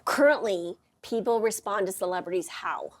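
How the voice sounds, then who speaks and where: A woman hosting a casual chat, telling stories with lots of playful acted-out quotes. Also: normal speed. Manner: animated storyteller, acts out quotes in high voices. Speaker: podcast host.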